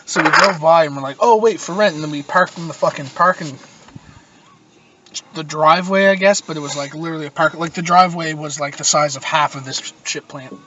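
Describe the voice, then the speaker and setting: A man's voice: fairly high pitch, fairly even intonation, fairly quick. Young man rambling through a profane story. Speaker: podcast host. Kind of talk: casual storytelling chat. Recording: muffled distant mic with loud noise.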